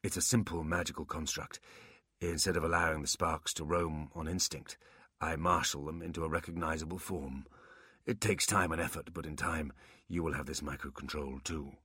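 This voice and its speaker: Man doing a bored old warlock demon, deep, dry, slow, half-whispered. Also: fairly even intonation, husky, dry recording, exaggerated voice. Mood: patient. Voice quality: quiet, low, at times whispered. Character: ageless warlock demon, weary, dry, superior.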